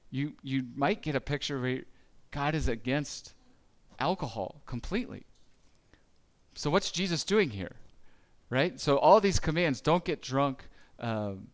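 Man preaching a conversational sermon. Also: mid-range voice. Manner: conversational, with playful acted-out quotes and repeated restarts. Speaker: pastor.

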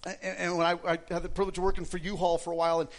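A middle-aged man preaches a sermon like he is chatting, telling his own story with frequent restarts. His voice sits a little higher than most men's. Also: completely flat delivery, very fast. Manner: conversational, personal storytelling with repeated restarts. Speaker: pastor.

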